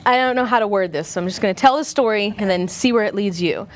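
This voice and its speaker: A woman co-host telling an anecdote in casual studio chat, animated and acting out the people she quotes. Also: medium pitch, fast talker, a little hiss or hum. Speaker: co-host, teacher.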